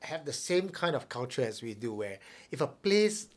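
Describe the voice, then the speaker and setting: A man's voice: medium pitch, big pitch swings, moderate pace. A man co-hosting a podcast, chatting casually with jokes and laughter and reading news items aloud. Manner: laid-back, jokey, laughs often. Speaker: podcast co-host.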